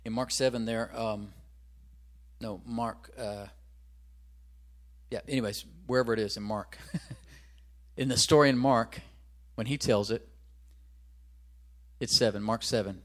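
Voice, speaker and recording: A man's voice: mid-range voice, steady tone, measured pace, pauses often. Man preaching a conversational sermon. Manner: conversational preaching with rhetorical questions; searches aloud for references, restarts. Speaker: pastor.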